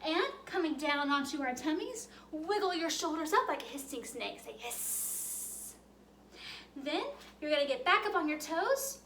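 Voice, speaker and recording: A woman's voice: sits high, lively intonation, moderate pace, fairly bright tone, reverberant, slight background noise. A woman leading a children's yoga storytime, giving cheerful, sing-song instructions to young kids.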